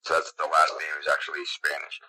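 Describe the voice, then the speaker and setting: A man who is a guest on a podcast, excitedly telling a long story with lots of fillers. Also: a bass voice, brisk, breathy edge, rough recording. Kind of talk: casual interview chat.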